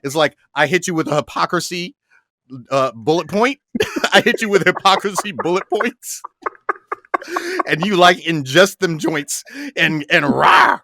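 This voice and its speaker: A man co-hosting a podcast in casual banter. He is animated, stumbles through restarts, and sometimes slows into a dramatic delivery. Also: a little high, no room sound, clean studio sound. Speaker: podcast co-host.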